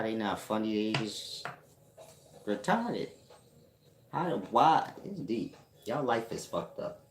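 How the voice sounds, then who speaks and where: A man's voice: on the low side, reverberant, slight background noise. A man hosting a casual livestream as a spiritual teacher, reading viewer comments and teasing them with slangy jokes and frequent laughter. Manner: joking and teasing, laughs often, slangy and rambling. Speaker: livestream host and self-styled spiritual teacher.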